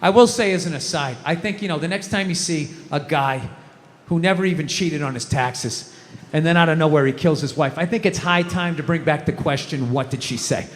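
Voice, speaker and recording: A man's voice: on the high side, fairly quick, slight background noise. A middle-aged man doing a stand-up comedy routine on a stage, ranting in exasperation, swearing and acting out scenes. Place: comedy stage in a large venue. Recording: live hall reverb, faint crowd ambience.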